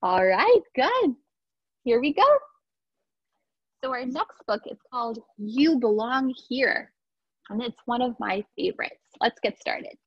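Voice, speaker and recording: A woman teacher reads a picture book aloud to young children, encouraging and a bit high-pitched. The recording is dull and lo-fi, and the room is very dry. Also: animated, slow, pauses often, husky, no echo. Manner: warm, encouraging, greets children by name. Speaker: preschool teacher. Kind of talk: live storytime read-aloud.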